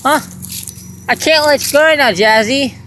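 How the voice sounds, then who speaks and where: A woman's voice: high voice, normal speed, heavy background noise. A woman talking to her pet dog, scolding and teasing it, then apologizing, in casual chat. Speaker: dog owner.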